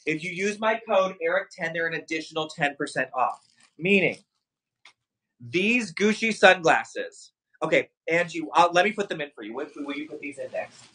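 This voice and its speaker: A man hosting a live shopping stream, excitedly hyping luxury items and talking straight to his viewers. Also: fairly high pitch, moderate pace, slightly rough, low-quality recording. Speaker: livestream shopping host. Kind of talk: live sales stream chat.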